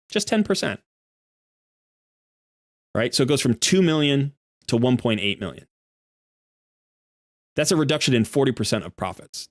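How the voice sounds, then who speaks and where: A man's voice: medium pitch, no room sound, clean studio sound. A male game streamer in a live stream, making an argumentative case with worked examples.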